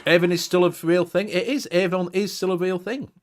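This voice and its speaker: A man's voice: high voice, fairly even intonation, a little fast. A man hosting a live stream, reading viewer comments aloud and laughing often. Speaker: host reading chat. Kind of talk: casual chat.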